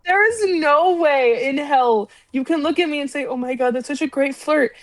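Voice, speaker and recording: High-voiced woman ranting in casual chat. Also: moderate pace, crowd noise. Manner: animated, exasperated ranting with swearing. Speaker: podcast co-host.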